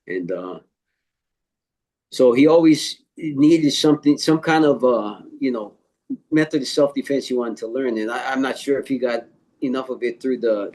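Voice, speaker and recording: Older man, martial arts teacher, interview storytelling, halting, many fillers, mid-pitched voice. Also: a little mellow. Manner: halting, filler-heavy retelling with quoted dialogue. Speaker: martial arts instructor and author being interviewed.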